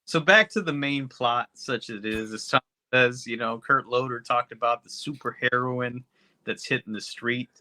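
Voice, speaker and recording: A man's voice: medium pitch, normal speed, pushed and bright. A man co-hosting a podcast, recapping a movie plot in a laid-back, casual way. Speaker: podcast co-host. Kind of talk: casual movie review chat.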